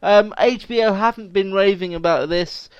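A man's voice: high voice, normal speed, clear, resonant tone, no echo, lo-fi sound. A man from England hosting a casual TV chat podcast, chatty and laughing often, trailing off mid-sentence. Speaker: podcast host.

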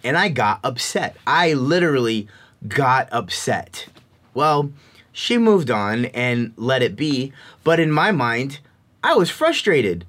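Animated, slow-speaking male storyteller. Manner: animated, expressive storytelling with swings in pitch. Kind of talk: personal storytelling talk.

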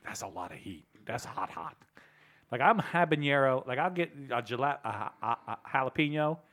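A man's voice: mid-range voice, animated, normal speed, a bit bright. A man hosting a casual podcast, telling long rambling stories and acting out the people in them. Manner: rambling storyteller, acts out quoted people. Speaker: podcast host. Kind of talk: casual chat.

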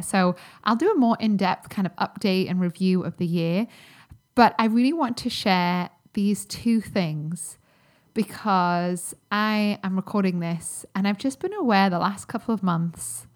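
A woman's voice: medium pitch, normal speed. A woman, hosting a solo podcast as a health coach, talking in a chatty, upbeat way with many fillers. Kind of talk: casual solo podcast talk.

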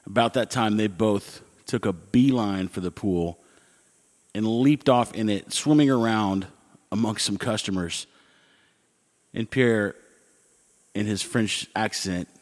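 A middle-aged man telling everyday stories in a wry, rambling, conversational way, with animated asides. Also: lowish voice, takes it slowly, long pauses, big-room sound. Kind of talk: casual storytelling.

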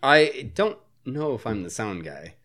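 A man's voice: mid-range voice, very animated, measured pace, sharp tone. Puzzled man with a widely swinging voice. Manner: asks puzzled questions, laughs, stammers when starting. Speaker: podcast co-host. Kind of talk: casual movie-watching commentary.

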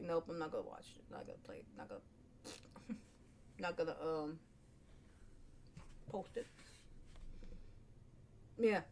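A woman's voice: fairly low pitch, darkish tone, a little hiss or hum. A woman vlogger talking to camera in a casual, rambling monologue. She is chatty and self-deprecating, and often trails off and restarts her sentences.

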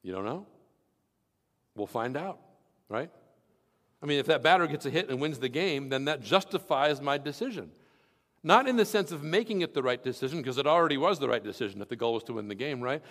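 A man's voice: medium pitch, expressive, brisk, fairly bright tone, in a large hall. A man preaching as pastor, reading scripture and explaining it with everyday examples in an earnest teaching tone. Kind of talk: sermon.

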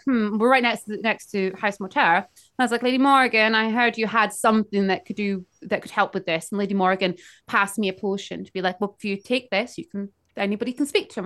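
A woman co-hosting a podcast, telling a story in an animated, casual way and acting out the people she quotes. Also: mid-range voice. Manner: animated, acts out quoted characters. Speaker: podcast co-host.

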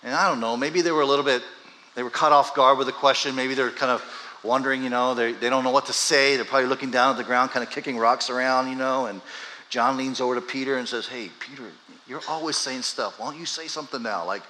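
Bright-voiced male preacher in a reverberant hall. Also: mid-range voice, fast talker, slight background noise. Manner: animated, swings from quiet storytelling to loud emphatic peaks. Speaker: pastor. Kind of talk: conversational sermon.

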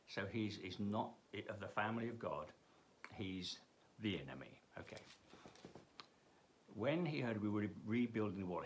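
A man giving a daily Bible devotional as pastor, halting with frequent restarts and briefly putting on mocking voices. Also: lowish voice, a bit bright, a little hiss or hum.

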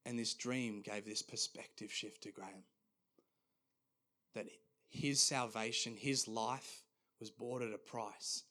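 A man preaching a sermon as pastor, earnest and conversational with many halting restarts. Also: fairly low pitch, steady tone, sharp tone.

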